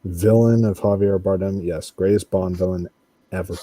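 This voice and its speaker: Dark, husky man chatting animatedly. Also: low-pitched, normal speed, dry recording. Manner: animated, quotes his own reactions. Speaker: podcast panelist. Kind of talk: casual movie discussion.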